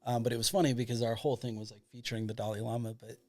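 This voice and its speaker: A man's voice: mid-range voice, steady tone, rapid-fire, a little mellow. A man from Michigan, a documentary filmmaker, tells a long anecdote as a podcast guest in a rambling way full of fillers. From Michigan, United States. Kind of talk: casual storytelling.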